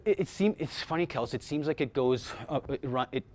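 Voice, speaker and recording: A man's voice: medium pitch, fairly quick. A middle-aged man leads a voice-over workshop, talking with energy to a room of actors. He has a mid-range voice, keeps restarting his phrases, and calls his listeners "guys" in a loose, direct way. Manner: energetic, many restarts, speaks directly to the group. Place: room with a small live audience.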